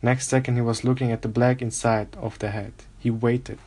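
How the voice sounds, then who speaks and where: A man calmly narrating a storybook aloud, with an even reading pace and small slips. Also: medium pitch, moderate pace. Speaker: audiobook reader.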